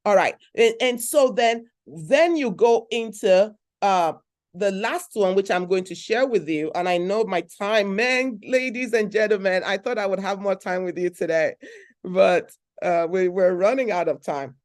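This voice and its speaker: A woman's voice: mid-range voice, unhurried. A woman giving an emphatic motivational talk, repeating her points and checking in with the audience. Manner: emphatic, repeats phrases, asks the audience questions. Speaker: speaker at a conference.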